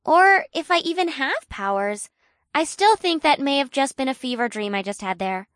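A woman voicing an excitable young woman scientist, high bright voice, audiobook character, eager questioning, dry close sound. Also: normal speed, no echo.

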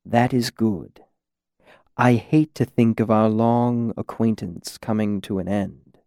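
A man voicing a cool, patient, menacing shadowy lord who speaks softly and with careful measure. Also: fairly low pitch, steady tone, takes it slowly, no room sound, studio quality. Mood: cold, patient.

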